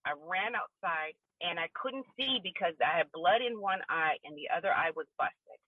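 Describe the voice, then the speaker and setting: A woman's voice: on the low side, animated, normal speed, no room sound. A woman guest on a podcast interview, giving candid, emotional personal testimony. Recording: tinny phone line, dry.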